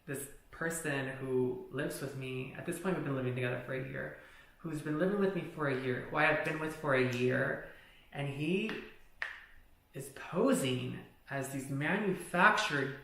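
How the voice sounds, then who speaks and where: This man's voice sits on the high side, with a creaky, fairly bright tone. He's vlogging a personal story in loose, rambling talk, swearing often and leaning heavily on "like." The room is echoey.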